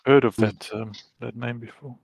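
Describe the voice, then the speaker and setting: A man playing a tabletop game over voice chat, soft-spoken and hesitant. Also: medium pitch, fairly even intonation, moderate pace, vocal fry, a crowd in the background. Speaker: player.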